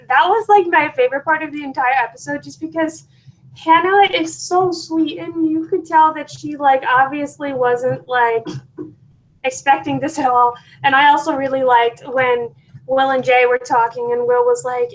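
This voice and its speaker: A young woman co-hosting a podcast, talking in a thoughtful, measured way that trails off. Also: high voice, steady tone, low-quality recording. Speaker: podcast co-host. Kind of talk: casual chat.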